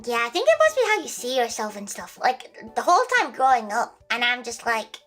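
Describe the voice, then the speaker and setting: A woman's voice: on the high side, big pitch swings, brisk, pushed and bright, faint music behind. A young woman streaming casually, joking crudely and rambling with lots of restarts. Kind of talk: casual livestream chat.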